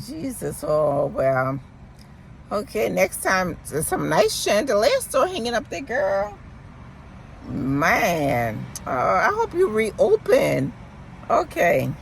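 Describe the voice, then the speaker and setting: A woman vlogger chatting casually to her viewers in an animated, exclamatory way. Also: medium pitch, slight background noise. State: emotional, close to tears. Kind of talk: casual vlog chat.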